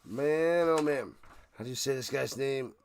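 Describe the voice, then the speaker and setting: A man's voice: medium pitch, a little slow, slight background noise. A man hosting a live football watch party, calling plays and making chatty, jokey asides. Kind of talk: casual livestream play-by-play.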